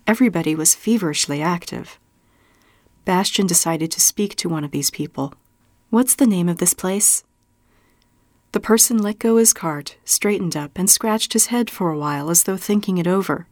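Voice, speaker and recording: A woman's voice: on the low side, no room sound. Woman, literary reading, intense delivery, close dry recording. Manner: intense, drops to a hushed whisper at moments. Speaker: reader.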